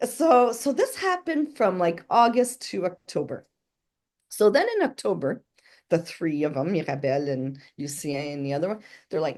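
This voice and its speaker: A woman's voice: on the low side, big pitch swings, normal speed, darkish tone. A middle-aged woman as an interview guest, telling her story earnestly and acting out the voices of people in it. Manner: earnest, quotes voices as she tells. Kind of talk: casual storytelling.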